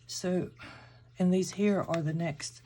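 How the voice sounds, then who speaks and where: Slow and steady, this crafting channel host speaks in a lowish, dark voice, with a bit of hiss or hum on the recording. She's from Georgia, has a Southern accent, and chats casually while thinking aloud during a crafting tutorial.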